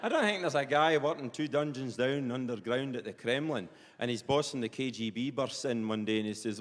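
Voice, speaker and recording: A Scottish man with a Perthshire accent doing live stand-up, chatty and rambling, full of colloquial asides. His voice sits at a middle pitch. It echoes in a big hall with a long reverb. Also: fairly quick, few pauses. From Scotland. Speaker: stand-up comedian.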